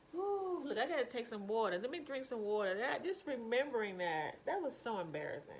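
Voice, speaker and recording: A woman in her fifties telling embarrassing stories in a casual vlog, animated and quick to laugh. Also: slight background noise. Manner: animated, laughs often, jumps into high quoted voices. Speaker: vlogger. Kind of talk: casual storytelling.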